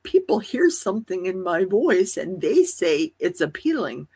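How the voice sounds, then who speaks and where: A woman hosting a casual livestream chat, with a high, youthful-sounding voice, rambling and asking many rhetorical questions. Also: big pitch swings, a little slow, darkish tone, slightly rough. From Wisconsin. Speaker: livestream host. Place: at home in a forest.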